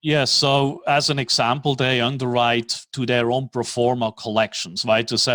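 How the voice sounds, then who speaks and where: A man's voice: mid-range voice, level tone, normal speed, few pauses, fairly bright tone, dry recording, low-quality recording. A middle-aged man, a commercial lender from Switzerland, explaining loans as a podcast guest, often tagging lines with "right?". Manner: explanatory, many "right?" tags and fillers. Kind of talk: podcast interview.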